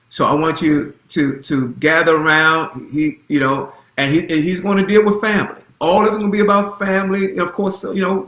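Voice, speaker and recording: A man in his fifties, a pastor making a casual, animated church announcement, folksy and repeating himself. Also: on the high side, roomy sound. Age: 50s.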